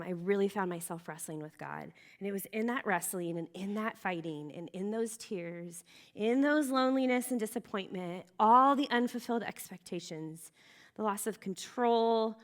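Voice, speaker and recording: An earnest woman in her thirties tells her own story to a youth group. She talks in a chatty, open way, stumbling and restarting as she goes. Her pitch sits in the middle of the usual range for a woman. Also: moderate pace. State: emotional. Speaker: youth ministry speaker. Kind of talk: personal testimony talk.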